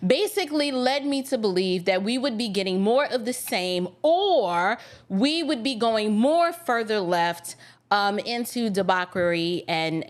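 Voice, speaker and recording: A woman hosting a podcast livestream, talking casually and greeting viewers by name as she chats. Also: mid-range voice. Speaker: podcast host.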